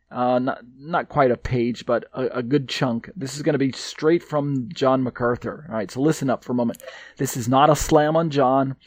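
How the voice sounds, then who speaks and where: A man teaches from a Bible commentary in a mid-pitched voice, stopping often on fillers and restarts. He leans hard on the points he cares about. The sound is close and dry, with no room in it. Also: a little mellow, dry recording. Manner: hesitant, many fillers and restarts; emphatic on key points. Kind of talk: reading and explaining a commentary.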